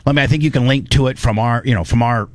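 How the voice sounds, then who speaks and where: A man's voice: medium pitch, fast talker, no echo. A man hosting a podcast in loose, rambling casual chat. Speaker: podcast host.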